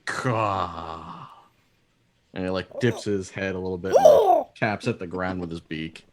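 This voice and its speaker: A man playing a tabletop game, relaxed and laughing often as he describes his character's actions. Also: deep voice, a little fast. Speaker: player. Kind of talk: tabletop role-play chat.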